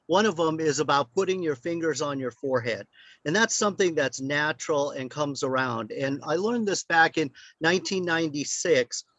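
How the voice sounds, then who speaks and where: A man's voice: a little high, normal speed, a bit bright, no room sound. Older male guest speaker, meandering anecdotal delivery, dry and close. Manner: rambling, anecdotal, with many fillers. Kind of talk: storytelling.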